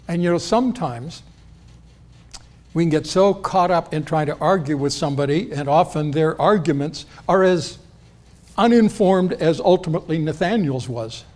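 Guy giving a sermon, kinda higher pitched, chatty, voices the quotes. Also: normal speed, darkish tone. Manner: conversational, acts out quotes with rising pitch. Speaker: preacher. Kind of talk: expository sermon.

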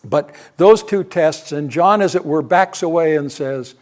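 Speaking a little slowly and with hardly any pauses, an older man in a fairly high voice preaches on a Bible passage, working through it aloud and often restarting or correcting himself.

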